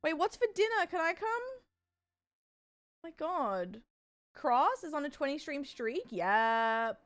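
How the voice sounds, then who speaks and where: A young Australian woman streamer chatting casually with her viewers in a bubbly, chatty way. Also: very animated. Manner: bubbly and chatty, quick swings up in pitch.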